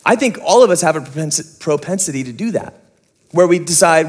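A young adult pastor preaching in a loose, chatty way, with a somewhat high voice. He tells stories on himself with quick asides and jokes. He then drops back into earnest points. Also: lively intonation. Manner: conversational, self-mocking storyteller, quick asides. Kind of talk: sermon.

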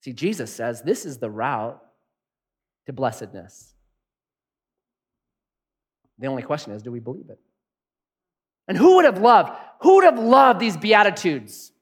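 A pastor delivering a sermon in a conversational, animated way, often asking the congregation questions. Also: male voice, on the high side.

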